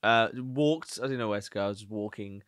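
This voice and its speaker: A man's voice: lowish voice, fairly quick, a bit bright, clear, resonant tone, no room sound, studio quality. A young man with a Birmingham accent, co-hosting a podcast in casual chat and telling rambling, jokey stories. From England. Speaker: podcast co-host.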